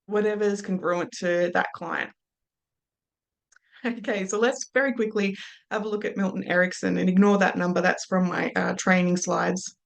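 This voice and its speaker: A woman trainer walks students through hypnosis technique in an easy, explanatory lecture. Now and then she drifts into slow, soothing trance patter to show how it sounds. Her pitch sits in an ordinary middle range. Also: little pitch movement, gravelly.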